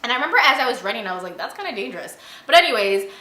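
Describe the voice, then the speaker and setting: A young woman in a casual vlog, telling a travel story in an animated, chatty way, full of "like" and "you know". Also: a little high, racing. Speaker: travel vlogger. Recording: echoey room.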